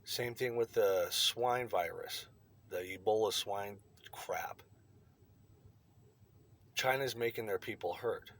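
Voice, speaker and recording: A man's voice: fairly low pitch, slow, long pauses, fairly bright tone. A man delivering a blunt, profane opinion rant to his online viewers. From United States. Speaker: vlogger.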